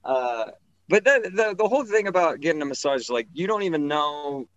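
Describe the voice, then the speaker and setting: A man doing a stand-up set, his voice bright and ringing. He swings his pitch widely as he tells his story, acting out each character's lines. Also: expressive, moderate pace, no room sound, highs cut off. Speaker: stand-up comedian.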